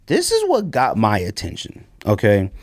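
A man hosting a casual sneaker podcast, ranting with sarcasm and sudden high-pitched bursts of emphasis. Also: huge pitch swings, moderate pace, no room sound, clean studio sound. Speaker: podcast host.

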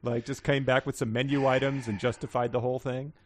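A man's voice: mid-range voice, little pitch movement, a little fast. A man co-hosting a comedy podcast, rambling and joking as he riffs on a book, laughing often. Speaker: podcast co-host. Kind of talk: casual comedic riffing on a book.

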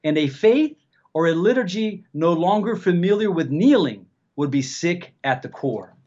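A man co-hosts a talk show and earnestly reads passages aloud. His voice is high for a man. The sound is dull and lo-fi. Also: lively intonation, normal speed, a little mellow. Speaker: co-host. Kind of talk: casual talk show discussion.

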